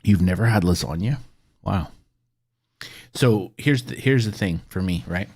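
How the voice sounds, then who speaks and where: A man's voice: deep voice, measured pace, a little mellow. A middle-aged man chatting casually and rambling while gaming, swearing freely as he goes. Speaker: gaming video creator.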